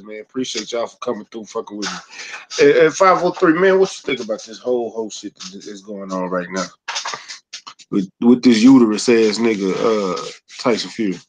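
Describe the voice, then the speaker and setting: A man hosting a casual live stream, laid-back, giving shout-outs to the chat. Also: mid-range voice, a little hiss or hum. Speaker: host.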